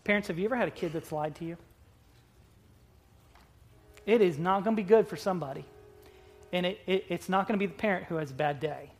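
Pastor mid-sermon, medium pitch, emphatic, stretches words out, with playful asides to the congregation. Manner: emphatic, with drawn-out words and sudden loud bursts.

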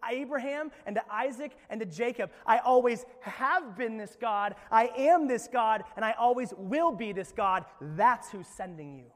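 A man voicing a booming, commanding God as he preaches, loud and emphatic. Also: lively intonation, moderate pace, few pauses, big-room sound. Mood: solemn, proclaiming. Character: booming all-powerful God, male, commanding.

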